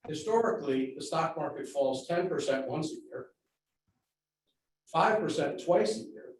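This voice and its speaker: A man giving a measured public comment at a school board meeting, laying out facts and figures. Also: fairly high pitch, a little mellow. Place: large meeting room. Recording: very echoey room, distant mic, faint noise.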